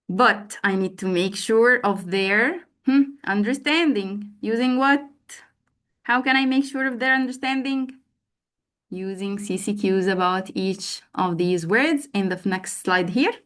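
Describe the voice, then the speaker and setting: A woman's voice: mid-range voice, a little slow, fairly bright tone. A woman training teachers in an online class, prompting participants and repeating words for emphasis. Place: online video call.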